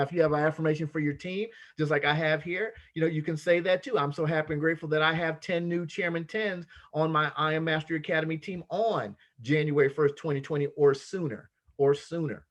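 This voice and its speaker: A man's voice: on the high side, fairly quick, hardly any pauses. A man leading a motivational business training, talking casually and acting out bits of everyday dialogue. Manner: animated, acts out little dialogues in other voices. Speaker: team leader giving business training.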